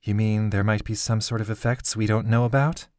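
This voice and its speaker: A man's voice: lowish voice, flat delivery, brisk, a little mellow, no room sound, clean studio sound, natural voice. A man voicing a wary young adventurer in a questioning tone.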